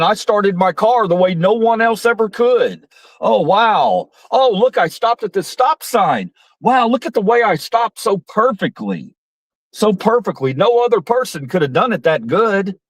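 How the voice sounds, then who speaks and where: A man doing a boastful bragging loudmouth. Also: sits high, lively intonation, unhurried, dry recording, voice pushed up, low-quality recording. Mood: mock bragging. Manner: grandiose, repetitive superlatives. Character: boastful grown man bragging about everything.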